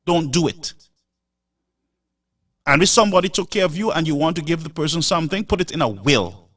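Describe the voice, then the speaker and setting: Lecturing man, slightly high voice. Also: expressive, fairly quick, fairly bright tone, far from the mic. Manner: emphatic, lecturing, rhetorical "Huh?" asides. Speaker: live show host. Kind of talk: preachy live-stream monologue.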